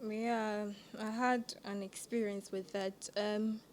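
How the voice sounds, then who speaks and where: A young woman co-hosting a podcast, telling a school story in a casual, animated way and laughing often. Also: medium pitch, slow, a little hiss or hum. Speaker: podcast co-host. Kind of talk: casual chat.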